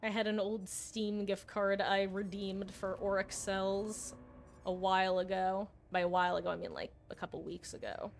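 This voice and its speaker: A woman's voice: mid-range voice, little pitch movement, normal speed, vocal fry, slight background noise. A woman streamer chatting casually and playfully while she plays a game, rambling and correcting herself as she goes. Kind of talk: casual live-stream chat while gaming.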